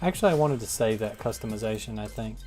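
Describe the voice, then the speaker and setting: A man's voice: fairly low pitch, animated, quick pace, darkish tone, soft background music. A man hosting a gaming channel, reading viewer comments in a wry, rambling, self-deprecating way. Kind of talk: casual gameplay commentary.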